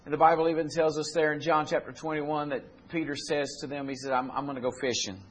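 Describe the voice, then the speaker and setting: High-voiced man preaching. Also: level tone, fast, breathy edge. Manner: builds from low storytelling to loud, climbing exhortation; retells scripture in plain folksy speech. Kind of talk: sermon.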